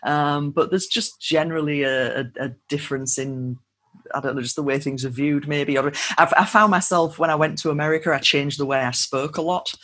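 Guest: husky woman in her forties, sarcastic, laughs a lot. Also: low-pitched, steady tone, fairly quick, a bit bright. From northern England. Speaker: podcast guest. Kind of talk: casual interview chat.

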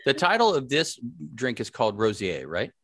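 A man's voice: medium pitch, wildly swooping pitch, normal speed, a bit bright, dry recording, studio quality. A man hosting a podcast, upbeat and rambling, with fillers and some mild swearing. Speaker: podcast host. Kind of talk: casual interview chat.

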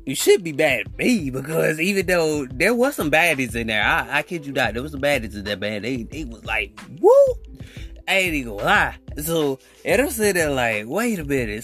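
A young man hosting a podcast, telling a rambling, animated story in casual slang and acting out what people said. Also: mid-range voice, moderate pace, soft background music. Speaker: podcast host.

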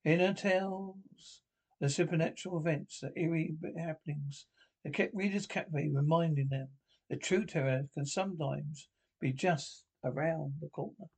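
Halting male storyteller, raspy and fry-heavy, slightly raised pitch. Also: darkish tone. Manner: halting, stumbling reading. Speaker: narrator. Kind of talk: reading a spooky story.

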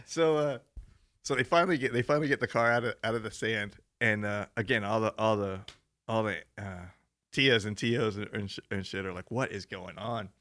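Telling a story as a podcast co-host, this young adult man speaks briskly with a fairly low pitch. The chat is casual, and he stays animated, laughing a lot and cursing without restraint.

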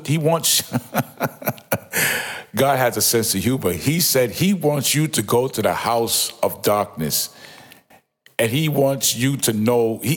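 A man giving an informal, emphatic Bible commentary, often repeating himself and exclaiming in awe. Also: mid-range voice. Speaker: Bible teacher.

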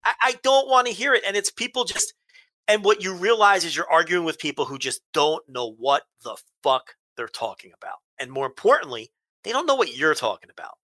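Man, podcast co-host, heated profane ranting, sharp bright voice, dry sound. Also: high-pitched, very animated, a little fast, dry recording. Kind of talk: casual chat.

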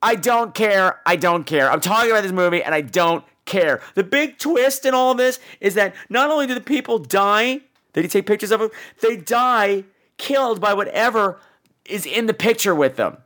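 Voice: mid-range voice, animated, moderate pace, a bit bright. A podcast host giving a casual movie review in a sarcastic, exasperated rant.

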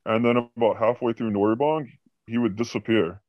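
As a guest on a loose, chatty podcast, a man tells animated stories about a job, peppering his speech with profanity and "like." His mid-range voice moves fairly quickly, and the close, dry recording is muffled, with no echo or room sound.

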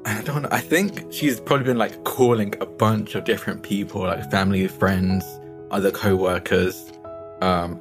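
A man playing his character in a tabletop game, rambling with lots of fillers. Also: deep voice. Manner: rambling with many fillers and likes. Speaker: player.

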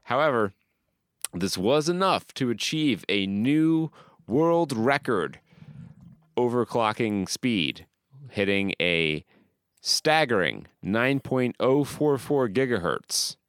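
A man co-hosting a podcast, teasing the others drily and then reading gaming news in a measured way. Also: medium pitch, sing-song, fairly bright tone, clear, resonant tone, no echo, studio quality. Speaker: podcast co-host.

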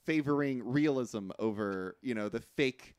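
A man's voice: mid-range voice, a little slow, clear, resonant tone, no room sound, clean studio sound. A man co-hosting a podcast, explaining a film's plot casually and laughing easily with his co-host. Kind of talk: casual movie chat.

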